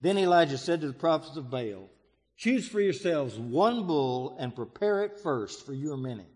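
A slightly high-pitched male preacher reads scripture aloud during a sermon. His delivery is dramatic, with sudden loud swells and quiet hushes. The sound carries a long reverb, as if he is speaking in a large hall. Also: animated, moderate pace.

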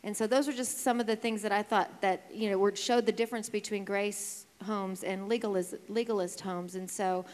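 A woman giving a relaxed talk at a church gathering, with fillers. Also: mid-range voice, moderate pace, few pauses, in a large hall.

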